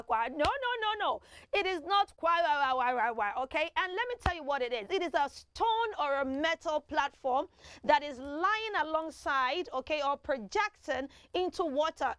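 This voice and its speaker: A woman's voice: high-pitched, no room sound, studio quality. A woman presenting a children's TV lesson, coaxing the kids through call-and-response pronunciation drills. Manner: animated, coaxing teacher who leads call-and-response drills.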